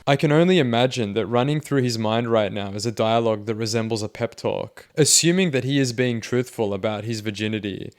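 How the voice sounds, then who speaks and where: A man narrating a scripted video commentary in a measured, analytical way. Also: medium pitch.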